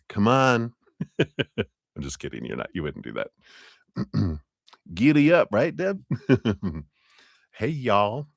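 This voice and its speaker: A deep-voiced man with a slight Southern US twang talks his way through a live tarot reading. He speaks slowly, rambles casually and laughs often. The sound is close and dry. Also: dry recording. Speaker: tarot reader hosting a live stream.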